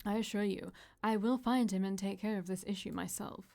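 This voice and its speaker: A woman's voice: mid-range voice, steady tone, fairly quick, creaky, a little mellow, soft background music, lightly acted. A woman reading the lines of a stern, impatient male military leader who gives curt, dismissive orders.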